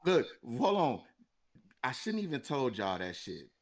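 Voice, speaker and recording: A man's voice: mid-range voice, huge pitch swings, unhurried, over a noisy crowd. Rambling, profane man telling a story. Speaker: podcast co-host. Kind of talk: casual podcast storytelling.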